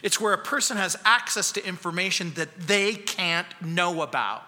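A male pastor preaching an expository sermon, telling a story earnestly and dropping suddenly quiet for emphasis, in a church sanctuary. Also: high-pitched, normal speed. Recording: long reverb of a church hall.

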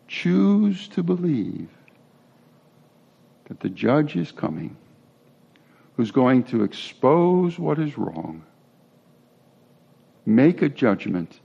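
A male pastor preaches in a relaxed, conversational way, with asides and restarts as he goes. His voice has a gravelly creak. The recording sounds dull and lo-fi. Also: mid-range voice. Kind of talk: sermon.

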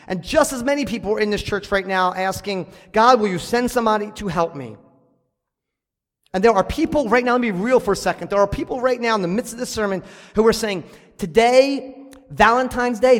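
A man preaches to his congregation, pressing his points home and slowing down to repeat the key lines. His voice sits high for a man. The sound rings with long reverb from the church sanctuary. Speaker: pastor. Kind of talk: sermon. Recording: hall reverb.

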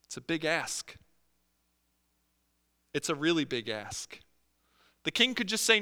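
Male pastor, sermon, high bright voice, smooth, church hall reverb. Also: takes it slowly, long pauses. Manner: animated, acts out quotes, many fillers. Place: church sanctuary.

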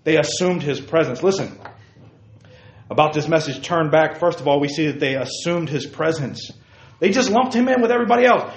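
Animated preacher man in an echoey room. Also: a little high, fairly quick. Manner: animated, swings from loud exclamations to hushed asides; addresses listeners by name, asks rhetorical questions. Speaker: youth preacher. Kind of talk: sermon.

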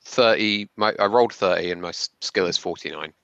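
A man with a low voice chats at a game table in a laid-back, chuckling way. His voice comes through a dull, lo-fi microphone. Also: a little fast, gravelly, fairly bright tone, clear, resonant tone, dry recording. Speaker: player. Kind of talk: casual chat at a game table.

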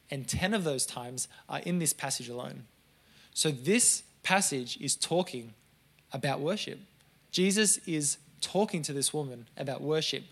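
A man in his late twenties preaching a sermon to a congregation, telling stories with lively, self-mocking asides. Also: fairly high pitch. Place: church service before a congregation.

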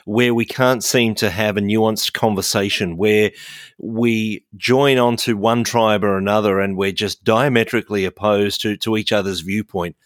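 A man hosting an interview, asking his guest long, thoughtful questions in a measured way. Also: fairly low pitch, fairly even intonation, no room sound, studio quality. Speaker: interviewer, host.

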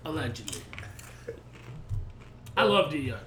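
A man in his thirties co-hosting a podcast, telling stories in animated, profane casual chat. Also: on the high side, a little slow, a crowd in the background. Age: 30s. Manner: animated storyteller, swears freely. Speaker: podcast co-host. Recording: roomy echo.

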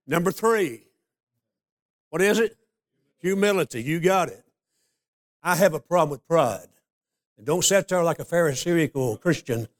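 Older folksy preacher, somewhat high voice. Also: male voice. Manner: folksy storyteller, slows to stress scripture. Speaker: pastor. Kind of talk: sermon.

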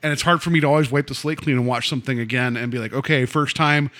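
A man's voice: very fast, fairly bright tone. A man co-hosting a podcast, talking about films in a loose, rambling way, with many restarts, acting out quoted lines. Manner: acts out quoted lines with raised pitch. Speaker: podcast co-host. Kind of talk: casual film discussion.

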